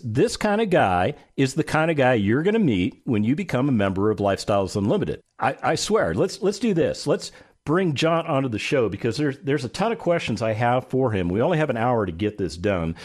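Middle-aged male radio host, lively and emphatic, with a playful, swooping delivery. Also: medium pitch, normal speed, husky. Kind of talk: radio talk show.

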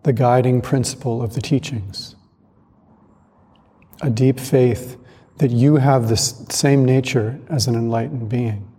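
A man giving a calm, reflective dharma talk as a Zen monastic teacher, speaking in a measured way with pauses. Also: medium pitch, breathy edge. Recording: long hall reverb.

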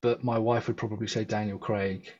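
An English man chats on a podcast with a husky, slightly rough voice. He is upbeat and jokey, and he drifts into quick asides before circling back to his answer. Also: fairly low pitch, level tone, darkish tone, muffled recording. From England. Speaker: podcast guest, agency founder. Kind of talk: casual interview chat.

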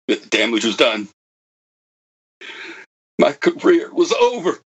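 A husky, bitter old man pours out a grievance in a dramatic monologue. His voice swoops high and low with raw feeling, wry one moment and anguished the next. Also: very animated, slow pace, fairly bright tone, full character voice. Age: older. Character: bitter old man, a broken former computer prodigy.

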